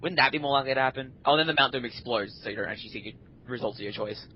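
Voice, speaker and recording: A man's voice: mid-range voice, rapid-fire, a little hiss or hum. Rambling, complaining man on lo-fi mic. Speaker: podcast co-host. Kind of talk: casual gaming chat.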